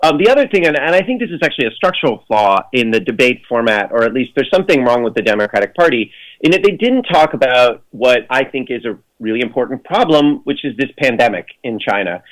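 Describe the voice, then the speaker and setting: Very animated and fast-paced, this man's medium-pitched voice suffers from poor audio. He's a radio guest in a casual, rambling interview, full of fillers and restarts, joking sardonically in mock voices.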